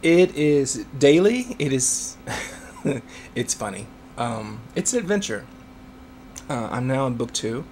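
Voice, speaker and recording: A man's voice: medium pitch, big pitch swings, slow pace, a little mellow, a little hiss or hum. A man, an author, answering interview questions in a chatty way, laughing often and using many fillers.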